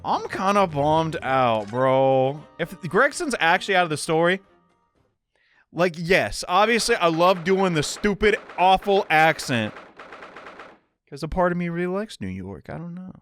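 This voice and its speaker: A man's voice: a little high, sing-song, a little slow, a bit bright, faint music behind. A man giving jokey, exclaiming commentary while playing through a game. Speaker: let's play host.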